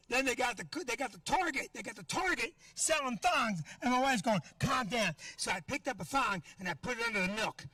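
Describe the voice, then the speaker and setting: A middle-aged man works a comedy club stage, ranting in a brash, profane style. His voice sits very high and sounds bright and forceful. The sound is dry and picked up from a distance. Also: animated, normal speed, no echo. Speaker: stand-up comedian. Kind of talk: stand-up set.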